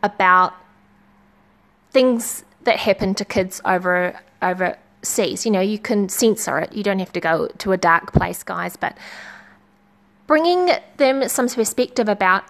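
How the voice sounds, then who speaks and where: A woman's voice: medium pitch, animated, a little slow, fairly bright tone. A woman talking casually and earnestly about parenting, with frequent fillers. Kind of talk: casual advice talk.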